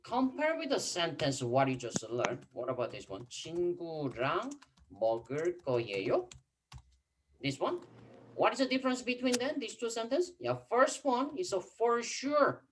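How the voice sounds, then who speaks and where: A male teacher whose first language is Korean explains in a bouncy, lively voice over a video call. He repeats himself often and drops quiet "mm-hmm"s between his points. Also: fairly high pitch. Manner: repeats key phrases, fills pauses with mm-hmm. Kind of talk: online class explanation.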